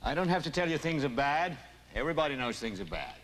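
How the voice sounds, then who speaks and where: A furious ranting TV anchor. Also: male voice, a little high, animated, fast, faint music behind. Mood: grim. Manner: builds from grim lecture to shouting. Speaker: television news anchor. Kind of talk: dramatic film monologue. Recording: film audio with long reverb.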